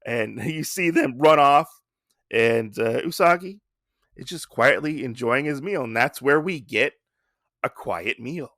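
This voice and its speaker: Male podcast host, chatty and enthusiastic, bright gravelly voice. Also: mid-range voice, animated, unhurried, no room sound, clean studio sound. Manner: enthusiastic retelling with many fillers. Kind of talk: casual comic book review.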